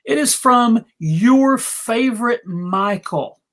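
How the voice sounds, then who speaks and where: Slow-talking male show host, halting and self-interrupting, casual panel chat. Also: very high-pitched, lively intonation, a bit bright. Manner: halting, many restarts and laughs. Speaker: podcast host.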